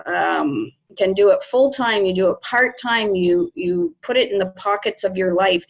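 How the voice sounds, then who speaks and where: A woman in network marketing, talking slowly and emotionally on a video call about her team and takeaways. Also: medium pitch, creaky, rough recording. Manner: slow, warm, heartfelt and emotional. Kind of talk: casual video call chat.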